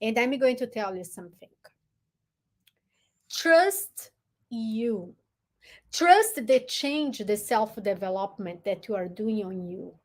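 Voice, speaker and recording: A woman hosting a live stream, giving earnest, encouraging relationship advice in a deliberate way. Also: medium pitch, expressive. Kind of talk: motivational live talk.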